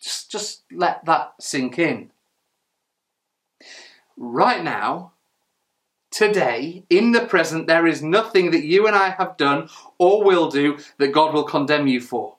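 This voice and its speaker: A man's voice: a little high, animated, slow pace, long pauses, fairly bright tone. Male preacher with a slightly raised voice delivering an earnest, emphatic sermon. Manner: earnest, emphatic, with rhetorical questions and small restarts.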